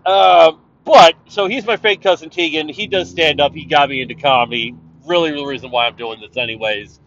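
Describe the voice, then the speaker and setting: A man from Canada, loud and profane, rambling through a casual monologue while driving. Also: a little high, fairly quick. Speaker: vlogger. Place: driving in a car. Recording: dull lo-fi sound, car noise.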